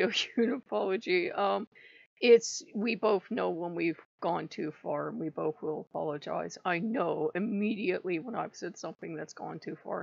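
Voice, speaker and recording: Woman hosting her own channel, creaky and gravelly, rambling with lots of laughs, dull muffled audio. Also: lowish voice, no echo. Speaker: channel host. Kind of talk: casual vlog chat. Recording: dull lo-fi sound.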